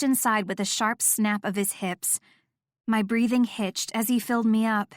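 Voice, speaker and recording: A woman reading first-person audiobook narration with steady, intimate storytelling. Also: fairly high pitch, moderate pace, no room sound, studio quality.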